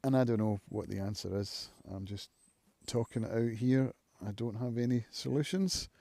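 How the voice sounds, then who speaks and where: A man hosting his own live stream from home, thinking aloud in a reflective, musing way with frequent pauses. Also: medium pitch, creaky, dark tone, no echo. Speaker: channel host, recovering alcoholic. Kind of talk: casual live-stream monologue.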